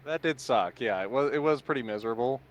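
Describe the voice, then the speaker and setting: A man's voice: medium pitch, animated, fast talker. A young man chatting casually on a stream with dry, self-mocking humor. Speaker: streamer co-host. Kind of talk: casual chat.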